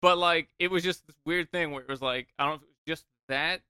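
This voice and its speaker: Male podcast co-host, high bright voice, dry close sound, profane animated storyteller. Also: fast, clear, resonant tone, no room sound. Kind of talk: casual chat.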